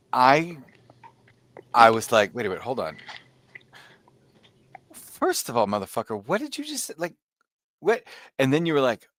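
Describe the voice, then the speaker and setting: Brief: male podcast co-host, lowish voice, animated storyteller, casual chat. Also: no room sound, studio quality. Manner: animated storytelling, acts out texts.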